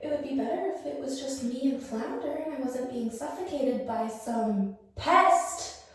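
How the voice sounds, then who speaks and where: A woman's voice: high voice, lively intonation, measured pace, recorded from a distance. A woman playing a bratty, fed-up mermaid princess stuck in quarantine, talking on a sketch video call. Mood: bitter. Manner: bratty, exasperated. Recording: roomy echo, recorded away from the mic.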